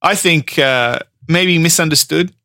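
A man co-hosting a podcast in casual chat, animated, laughing often and swearing freely. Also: fairly high pitch, unhurried, dry recording. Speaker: podcast co-host.

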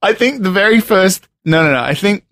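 A man's voice: sits high, lively intonation, brisk, vocal fry, a bit bright. A man hosting a podcast in casual chat, laughing often and joking loosely. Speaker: podcast host.

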